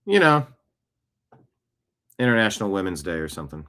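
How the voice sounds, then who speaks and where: A man's voice: sits low, big pitch swings, a little fast, a bit bright. A man hosting a talk show, giving scornful, emphatic opinions on the news. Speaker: show host.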